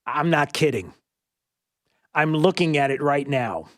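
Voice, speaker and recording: A male talk radio host runs his monologue, animated and sarcastic, with plenty of fillers. His voice sits a little high for a man, and the sound is dry and close. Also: a little slow, dry recording.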